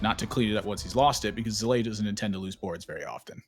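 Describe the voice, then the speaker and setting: A man casting a card game tournament live, chatty and prone to sudden high exclamations. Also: fast, noisy background. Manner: excitable, jumps into high exclamations. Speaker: esports caster.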